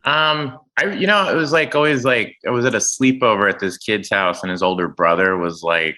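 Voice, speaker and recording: A man in his forties from Oklahoma, a guest in casual chat, telling animated stories and acting out the people in them. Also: on the low side, fairly quick, rough recording. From Oklahoma, USA.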